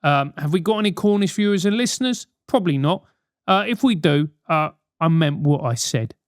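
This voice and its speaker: High-voiced London man, blunt banter. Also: lively intonation, brisk, smooth, no echo, clean studio sound. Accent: London English. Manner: blunt, sweary, mock-outraged banter. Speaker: podcast host answering listener letters. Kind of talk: comedic advice monologue.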